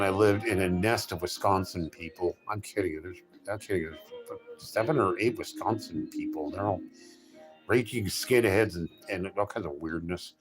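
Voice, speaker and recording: This middle-aged streamer has a lowish voice and chats with viewers in a casual, rambling way. His stories are jokey, and he keeps restarting and correcting himself.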